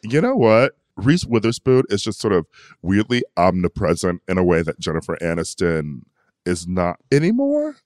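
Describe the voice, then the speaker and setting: A man's voice: low-pitched, huge pitch swings, normal speed, a little mellow, dry recording, studio quality. A man co-hosting a casual pop culture podcast, playful and gossipy, often laughing. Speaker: podcast co-host.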